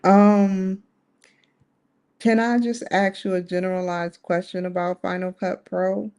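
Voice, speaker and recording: Woman on a support call, slow and monotone, gravelly, hesitant. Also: mid-range voice. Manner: hesitant, spells words out slowly with example words. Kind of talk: casual phone call.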